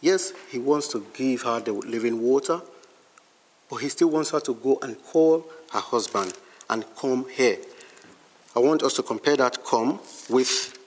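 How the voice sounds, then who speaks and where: A male preacher delivering a sermon at an unhurried, measured pace. His voice sits at an ordinary middle pitch and carries a long reverb tail, as if from a large hall. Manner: slow, deliberate delivery with emphatic scripture readings.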